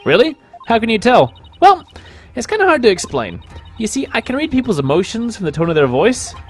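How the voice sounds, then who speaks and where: A man's voice: very high-pitched, huge pitch swings, brisk, breathy edge, soft background music, voice pushed up, heavily acted. A man voicing an eager, bubbly young female lawyer in a video game. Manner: eager, chirpy. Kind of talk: reading game dialogue aloud.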